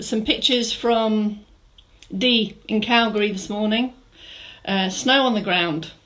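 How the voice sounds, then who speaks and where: A woman's voice: mid-range voice, a bit bright, poor audio. A middle-aged woman from England leading a live online exercise class, chatting through viewer comments and giving encouraging cues. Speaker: fitness instructor.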